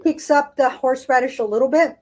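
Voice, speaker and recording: Chatty woman co-host, slightly high voice. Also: a little fast, darkish tone, poor audio. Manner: chatty, savoring food aloud. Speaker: podcast co-host. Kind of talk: casual food-tasting chat.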